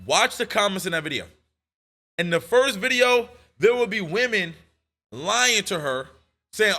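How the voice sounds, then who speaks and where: A man's voice: sits high, expressive, normal speed, pushed and bright. A man streaming live and reacting to clips, making emphatic points full of profanity and repeating them again and again.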